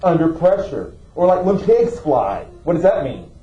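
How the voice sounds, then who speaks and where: A man's voice: fairly high pitch, very animated, normal speed, mellow, dull audio. A man teaching a classroom lesson, asking students questions and checking in with "okay?". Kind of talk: classroom lecture.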